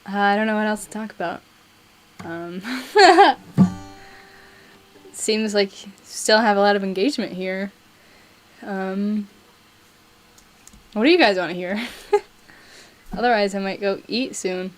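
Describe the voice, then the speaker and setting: A woman in her twenties from Buffalo with a slight Buffalo accent, chatting casually and excitably with viewers on her live stream. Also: mid-range voice, slow, long pauses, soft background music. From Buffalo, New York. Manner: chatty, excitable, reads viewer chat aloud. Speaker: musician streamer.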